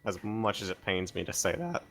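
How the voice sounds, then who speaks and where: A man's voice: on the low side, very animated, normal speed, fairly bright tone, slight background noise. A man playing a tabletop game, joking crudely with the group. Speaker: player. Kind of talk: casual tabletop game chat.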